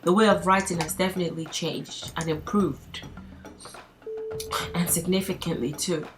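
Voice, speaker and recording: A woman's voice: on the low side, fairly even intonation, moderate pace. Chatty woman teaching a language, faint music. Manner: chatty, laughs often, hesitant with fillers. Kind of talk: casual video lesson reading and explaining text.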